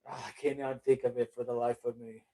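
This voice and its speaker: A man's voice: mid-range voice, little pitch movement, quick pace, mellow. A middle-aged man hosting a casual livestream, reading out viewer chat and rambling off on tangents, laughing and swearing casually. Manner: rambling, loses his train of thought, laughs and swears casually.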